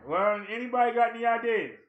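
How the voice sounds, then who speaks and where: A man's voice: extremely high pitch, expressive, fast, phone-quality sound. A man hosting a casual live chat, browsing online and grumbling at the screen while he talks to viewers. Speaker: channel host.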